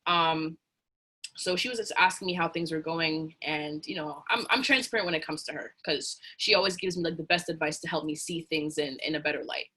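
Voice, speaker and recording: A woman telling an earnest motivational story in a casual, animated way. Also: low voice, a little fast.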